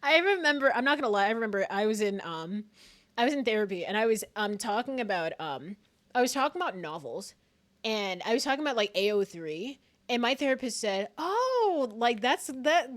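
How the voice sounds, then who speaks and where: A young woman streaming a game, chatting casually with viewers in a giggly, animated manner and swearing now and then. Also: mid-range voice, fairly quick. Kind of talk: casual chat while playing a game.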